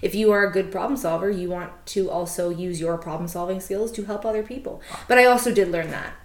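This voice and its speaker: A woman's voice: on the low side, a little fast, roomy sound. A woman co-hosting a podcast in casual chat, speaking candidly with fillers and some swearing. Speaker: podcast co-host.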